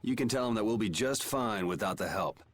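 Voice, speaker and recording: A man's voice: lowish voice, brisk, close to an everyday voice. An actor voicing a sardonic young male swordsman in a video game, with a dry, curt, dismissive manner. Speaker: game character.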